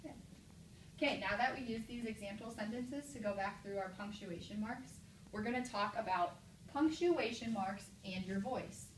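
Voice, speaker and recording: A woman teacher leads a classroom mini lesson. She gives clear, encouraging prompts and reads example sentences slowly and with exaggeration. She is recorded from a distance in an echoey room, with a light hiss behind. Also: medium pitch.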